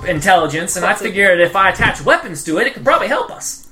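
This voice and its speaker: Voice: mid-range voice, animated, fast talker, over music, natural voice. A player voicing a young female tinkerer who is nervous and evasive, talking in a raised, eager voice full of hedging fillers.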